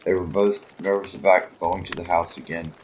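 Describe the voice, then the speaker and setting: A man narrating a religious story in a measured, solemn reading with occasional slips. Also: sits low, fairly even intonation, slight background noise, rough recording. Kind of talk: scripted audiobook narration.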